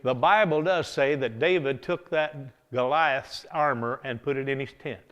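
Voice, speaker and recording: A man preaching a revival sermon, telling a Bible story in a folksy, animated way, often chuckling. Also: mid-range voice, normal speed, muffled recording.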